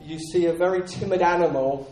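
A man's voice: on the high side, fairly even intonation, fairly quick, dark tone. A man preaching a sermon in an earnest, repetitive way with frequent restarts. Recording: echoey room, voice from a distance.

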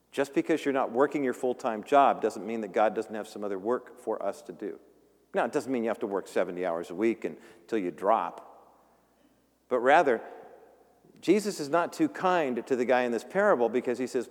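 A man's voice: medium pitch, a little mellow. A male pastor giving a conversational sermon, joking and acting out the voices in the story. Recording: long reverb of a large room.

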